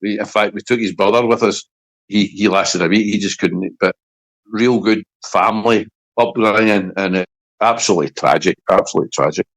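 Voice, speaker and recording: Halting, lower-voiced Scottish man. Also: fairly even intonation, poor audio. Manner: halting, repeats words, emotional. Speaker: former footballer, podcast guest. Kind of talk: casual interview chat.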